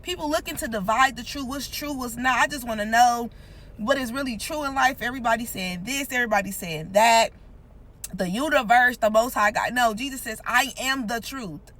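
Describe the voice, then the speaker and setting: A woman's voice: on the high side, normal speed, fairly bright tone, low-quality recording. A woman giving an earnest, informal devotional teaching, repeating points for emphasis. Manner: earnest, repetitive, emphatic, conversational. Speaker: Christian content creator.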